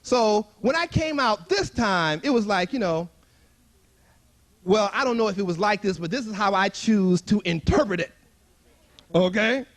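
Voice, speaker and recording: A man's voice: high-pitched, lively intonation, moderate pace. A man telling a funny story to a live audience at a retreat, acting out the voices he quotes and chuckling often. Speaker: spiritual retreat speaker.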